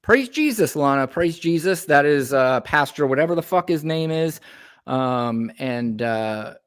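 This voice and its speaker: A man co-hosting a casual political talk show, ranting in an emphatic, profane way. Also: medium pitch. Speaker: co-host.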